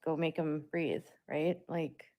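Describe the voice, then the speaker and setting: Low, gravelly-voiced woman vlogging. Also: fairly even intonation, takes it slowly, warm tone. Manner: rambling, talks through filler words. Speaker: parent vlogger. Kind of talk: casual monologue to viewers.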